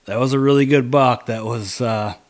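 A man telling a hunting story in casual chat, animated, dropping to low mutters to quote his own thoughts. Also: moderate pace.

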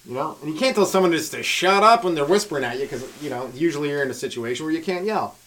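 A man doing a rambling stand-up comedy monologue on his podcast, riffing with frequent asides to the listener and swinging between loud and hushed delivery. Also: fairly high pitch, expressive, fast, slight background noise. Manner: riffing, talks to listener with frequent "right?" and "you know".

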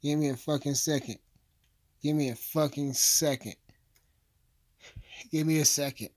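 A man's voice: fairly high pitch, fairly even intonation, measured pace. A man delivering a rambling, profane comedic rant as a vlogger, full of asides and swearing.

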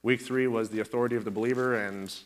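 A man's voice: mid-range voice, fairly even intonation, fast talker. A man teaching a church group in a chatty, joking sermon, laughing between points and talking into a corded microphone. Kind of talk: casual sermon with a joke.

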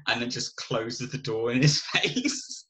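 A man co-hosting a podcast, retelling a film's plot in animated, rambling casual chat and laughing often. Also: mid-range voice, a little slow. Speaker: podcast co-host. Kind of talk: casual film review chat.

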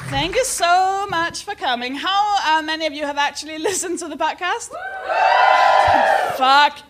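Giggly high-voiced woman hosting live. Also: a little fast, over a noisy crowd, heavy background noise. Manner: giggly, swearing, self-mocking. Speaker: podcast host. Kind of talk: live podcast chat before an audience.

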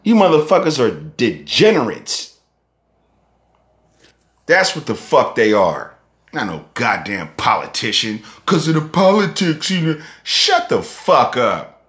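A young Bay rapper rants in a heated, profane monologue. His pitch swings widely as he fires off rhetorical questions, and he keeps a slow, deliberate pace. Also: wildly swooping pitch, a bit bright. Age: young adult.

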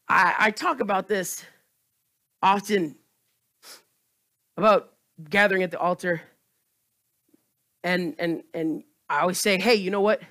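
A man preaching a sermon with passion, swinging between loud emphatic cries and hushed, close asides. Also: high-pitched.

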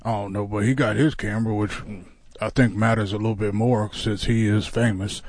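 A man's voice: lowish voice, level tone, fairly quick, darkish tone, no room sound. A man in his fifties hosting a casual radio show from a studio, talking in a laid-back, drawling way with lots of fillers. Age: 50s.

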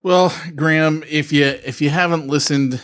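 A man's voice: on the high side, steady tone, normal speed, clean tone, dry recording, studio quality. A man co-hosting a podcast, teasing and playful, also reading the outro. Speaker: podcast co-host. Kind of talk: casual podcast chat and outro. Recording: music bed behind voice.

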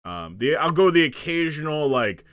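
A man hosts a relaxed podcast chat and keeps cracking jokes. His voice is bright and forward, recorded dry and close. He laughs often and slips into goofy voices for his bits. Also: a little high, moderate pace, no echo. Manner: jokey, laughs often, acts out silly voices. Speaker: podcast host. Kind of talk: casual chat.

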